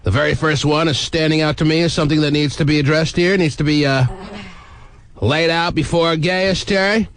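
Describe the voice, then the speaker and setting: A man hosting a morning radio talk show, teasing his guests and reading out listener texts in a wisecracking, animated way. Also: on the high side, fairly quick.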